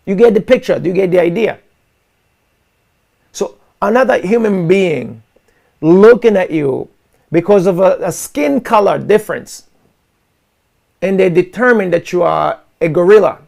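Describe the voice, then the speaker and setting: Gravelly, high-pitched impassioned male host. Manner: forceful, repetitive, addresses listeners as guys. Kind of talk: impassioned monologue to an online audience.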